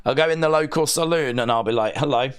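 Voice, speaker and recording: A man's voice: a little high, quick pace, clear, resonant tone. An English man with an English accent, hosting a wrestling watch-along live stream and chatting casually in a rambling, joking way. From England.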